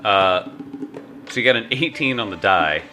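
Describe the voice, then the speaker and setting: Male game master, low voice, easygoing narration, music bed behind. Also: animated, moderate pace, bright, forceful tone.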